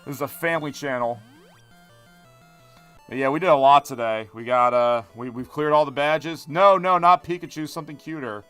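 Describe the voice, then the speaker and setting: A man streaming a video game, rambling in animated commentary and chatting with his viewers. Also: fairly high pitch, moderate pace, smooth, no room sound, soft background music. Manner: rambling, animated, talks to chat. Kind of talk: live gameplay commentary.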